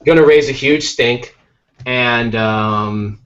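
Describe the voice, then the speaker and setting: A man's voice: medium pitch, slow, fairly bright tone, muffled recording. A man co-hosting a podcast as an artist, joking and teasing casually while he draws. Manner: joking, teasing, playful voices in quoted bits. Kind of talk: casual chat while drawing.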